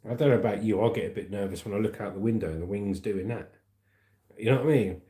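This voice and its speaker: A man's voice: fairly low pitch, fast, mellow. A man hosting a casual livestream, rambling as he reads out viewer comments and calls them mate and brother. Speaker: livestream host reading chat. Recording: roomy echoey room.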